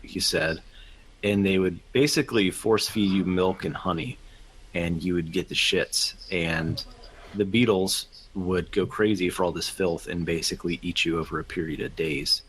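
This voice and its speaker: A man's voice: deep voice, moderate pace, a bit bright, slight background noise. A man on a casual podcast, explaining at length in a rambling way, hedging with "like" and "right". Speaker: podcast co-host.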